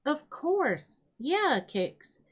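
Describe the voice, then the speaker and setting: A woman's voice: sits high, very animated, drawn-out words, voice pushed up, exaggerated voice. Woman reading as an eager young gamer guy. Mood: enthusiastic. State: scratchy throat. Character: young male gamer, friendly and enthusiastic.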